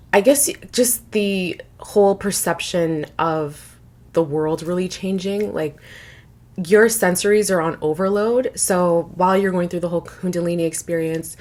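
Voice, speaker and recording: A young woman speaking in a lowish voice for her personal vlog. She talks earnestly and rambles a little, with frequent "like" fillers. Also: a little slow, a little mellow. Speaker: spiritual vlogger.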